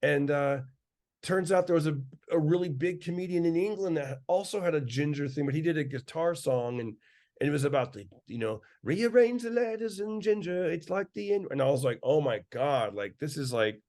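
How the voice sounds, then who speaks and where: A man who is a stand-up comedian, a podcast guest telling stories in casual chat, animated and laughing through his words. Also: on the high side, brisk.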